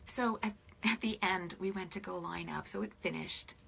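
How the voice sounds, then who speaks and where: A woman in her forties, a spiritual life coach, chatting on camera to her followers, teary and emotional, often dropping into soft whispers. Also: lowish voice, moderate pace, creaky, a little hiss or hum. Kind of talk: casual direct-to-camera chat with followers.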